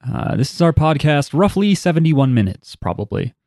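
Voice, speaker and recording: A man's voice: a little high, sing-song, moderate pace, darkish tone. A man co-hosting a podcast in casual chat, joking, rambling and swearing freely. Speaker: podcast co-host.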